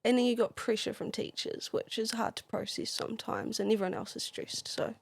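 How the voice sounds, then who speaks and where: A woman's voice: a little high, flat delivery, brisk, creaky, slightly rough. A woman with a New Zealand accent, a podcast guest chatting in a supportive, talkative way. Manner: supportive, chatty, chimes in often. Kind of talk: casual chat.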